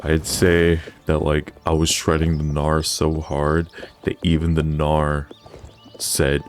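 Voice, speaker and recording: A man's voice: rumbling low, monotone, takes it slowly, faint music behind. A young man chatting casually over gameplay, rambling with lots of filler words. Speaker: gaming channel host.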